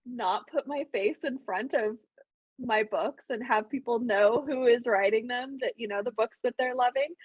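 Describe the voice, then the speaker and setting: A woman's voice: on the high side, moderate pace, slightly rough, dry recording. A woman podcast co-host and author, chatting casually and candidly, often laughing at herself. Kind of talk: casual chat.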